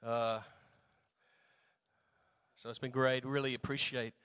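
A man with an Australian accent and a slightly raspy voice, preaching a sermon in a relaxed, jokey way with lots of fillers. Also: medium pitch, slow, dry recording. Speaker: visiting preacher.

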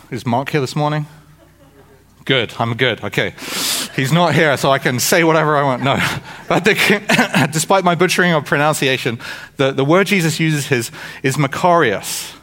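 A man's voice: fairly high pitch, fairly bright tone. A man preaching a sermon in a conversational, informal way, with frequent restarts and asides and jokes with the congregation. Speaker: pastor.

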